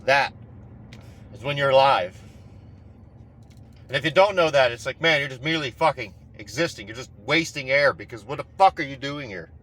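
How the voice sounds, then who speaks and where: A man's voice: mid-range voice, normal speed, long pauses, fairly bright tone. A man giving a casual, rambling motivational talk, swearing constantly and speaking with raw intensity.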